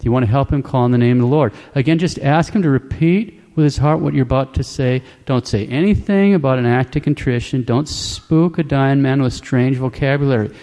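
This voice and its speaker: A man with a mellow, warm voice teaches in a calm, plain-spoken way, often repeating his key points. His voice rings with a long reverb, as if in a large hall. The pitch sits at an ordinary middle level. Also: a little fast, hardly any pauses. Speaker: Catholic preacher. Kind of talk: instructional religious talk.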